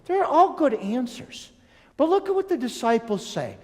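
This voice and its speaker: A man's voice: very high voice, sing-song, measured pace, a little mellow. A man preaching a homily in a conversational way, speaking directly to his congregation. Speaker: priest. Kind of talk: sermon. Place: large church. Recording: long church reverb.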